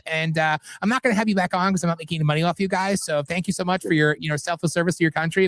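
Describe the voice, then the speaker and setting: A man's voice: fairly high pitch, fairly bright tone, no room sound. A man putting on the voice of a smug, greedy male political grifter, rattling off mocking sales patter. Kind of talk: mocking impression on a live talk show.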